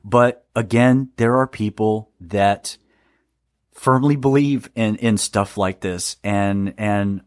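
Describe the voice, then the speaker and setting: A man's voice: fairly low pitch, takes it slowly, darkish tone, no echo, studio quality. A man hosting a solo podcast, talking in a sarcastic, rambling way with stammers and laughs. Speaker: podcast host.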